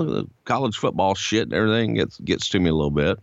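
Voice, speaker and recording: A man's voice: fairly low pitch, moderate pace, creaky, dry recording. A man host telling a long backstage story in casual chat, swearing freely and acting out what others said. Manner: animated, profane storyteller acting out quotes. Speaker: podcast host. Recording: dull lo-fi dry sound.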